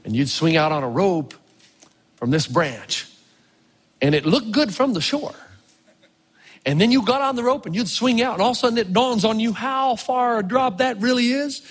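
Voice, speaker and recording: A male pastor preaching a storytelling sermon, animated, swinging from low murmurs to loud exclamations, with a husky voice. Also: normal speed. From Tennessee. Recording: long reverb of a large hall.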